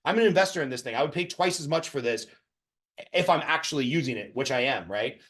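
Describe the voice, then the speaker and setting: A man's voice: mid-range voice, animated, fast, fairly bright tone. A man hosting a training session on a video call, talking casually, rambling and speaking bluntly. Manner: rambling, blunt, self-promoting.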